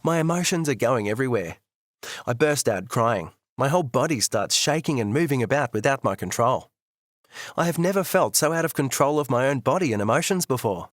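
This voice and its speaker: A man narrating a first-person audiobook in an expressive, bitter, candid way. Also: mid-range voice, brisk, dry recording, studio quality.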